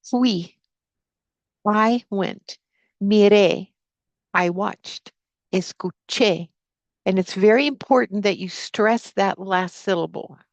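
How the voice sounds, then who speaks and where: A woman teacher speaks over a video call, with a gravelly edge in her voice. The sound is dry and close. She leads students through a spoken prayer and repeat-after-me vocabulary drills in an even, instructive way. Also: mid-range voice, slow, no echo. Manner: prays aloud, then drills vocabulary with repetition. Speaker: Spanish teacher. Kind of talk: live online class teaching. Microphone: computer mic on a video call.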